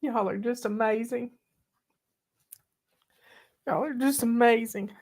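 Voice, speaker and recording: A woman with a drawl hosts a casual live video, talking slowly in a folksy, heartfelt way. Her voice sits a little high, and she sounds teary. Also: a little mellow, husky. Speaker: host.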